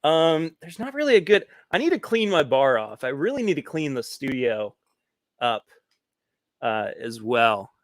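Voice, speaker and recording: A man's voice: mid-range voice, very animated, a little slow, dry recording. A man hosting a casual live stream from his home studio, rambling, restarting his sentences and reading viewer comments aloud. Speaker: podcast host.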